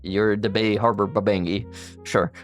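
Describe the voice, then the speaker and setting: A woman's voice: very deep voice, fairly even intonation, normal speed, soft background music. A woman streamer chatting casually on a live stream, playful and giggly, protesting in flustered bursts.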